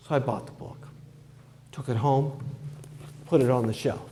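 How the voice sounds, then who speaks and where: Mellow-voiced man telling a folksy story. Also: medium pitch, a little slow, pauses often, slight background noise. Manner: homespun, conversational, with fillers and "I says". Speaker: testimony speaker.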